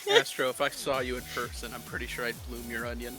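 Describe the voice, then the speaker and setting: A man's voice: mid-range voice, little pitch movement. A man chatting on a voice call, teasing the others and laughing through his jokes. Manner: laughing, teasing, quick with bits. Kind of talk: casual chat on a voice call. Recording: clear music behind.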